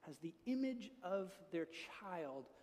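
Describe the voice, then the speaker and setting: A man's voice: high-pitched, big pitch swings, slow pace, a little mellow. A man preaching a sermon as pastor, earnest and building to emphatic peaks. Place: church. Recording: long reverb of a church hall.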